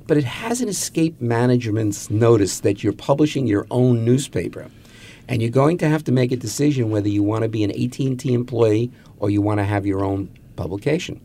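A man's voice: medium pitch, expressive, brisk, warm tone. A man quoting a stiff corporate boss. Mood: formal.

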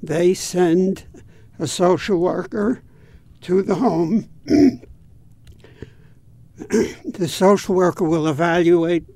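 Mellow-voiced man explaining steadily. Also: sits high, fairly even intonation, dry recording. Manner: measured, explanatory. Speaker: guest from a home repair volunteer group. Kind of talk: interview answers.

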